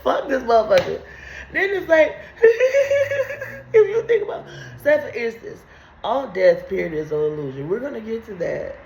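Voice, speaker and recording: A woman's voice: mid-range voice, expressive, moderate pace, gravelly, a little mellow. A woman hosting a video, riffing on scripture in crude comedic commentary and laughing often through her words. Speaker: video host. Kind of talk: profane comedic Bible commentary. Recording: roomy echo.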